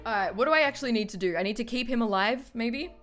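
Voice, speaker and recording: A woman with a slightly high, fairly bright voice talks fast while streaming a game live. She's tipsy and foul-mouthed, muttering to herself and chat and occasionally breaking into panicked screams, and the game music is plainly audible underneath.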